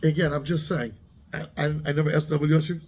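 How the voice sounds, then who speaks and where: Male rabbi, slightly high voice, raspy, questioning a class. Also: fairly even intonation, quick pace, a little mellow. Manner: asks the class questions, mixes Hebrew terms into English. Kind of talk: Torah class, lively explanation with questions to students.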